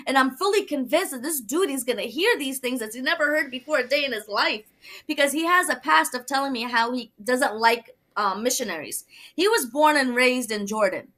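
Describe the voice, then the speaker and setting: A young woman from Brooklyn, telling her conversion story as a guest, animated and laughing often. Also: high voice, a little fast. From Brooklyn, New York. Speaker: guest sharing testimony. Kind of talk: personal testimony in a talk show.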